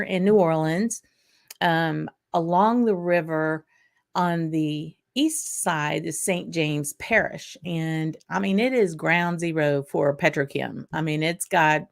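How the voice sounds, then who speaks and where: Slow, gravelly woman chatting. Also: deep voice. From Louisiana. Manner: chatty, reading out chat names, many ums and restarts. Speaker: whisky livestream host. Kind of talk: casual livestream chat.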